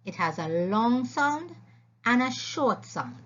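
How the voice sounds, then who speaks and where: A woman's husky voice walks young learners through a phonics lesson at an unhurried pace. She sounds every vowel out carefully and repeats each one. The recording is dull and lo-fi, like a home voice-over. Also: fairly high pitch, very animated, a bit bright. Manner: slow, clear, instructive, repeating sounds. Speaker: teacher.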